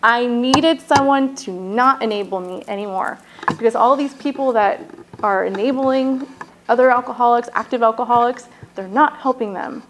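A woman telling her own recovery story in a candid personal testimony, halting and peppered with "like" and "you know". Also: on the high side, slight background noise, low-quality recording.

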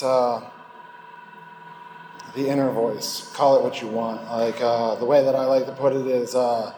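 A man's voice: mid-range voice, darkish tone, a little hiss or hum. Rambling man in an echoey hall. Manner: rambling, candid, jumps between thoughts. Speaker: recovering alcoholic sharing at a meeting. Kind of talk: personal testimony talk.

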